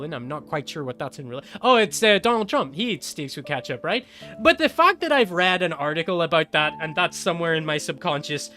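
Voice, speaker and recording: A man's voice: high voice, sharp tone. A young man giving rambling, jokey, sweary commentary while playing a video game. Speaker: gaming video host. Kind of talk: let's play commentary.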